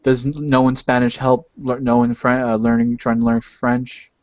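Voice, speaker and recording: A man with a mid-pitched voice hosts a casual chat. He keeps asking curious questions and often trips over his words. The sound is dry and dull. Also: completely flat delivery, normal speed, dry recording.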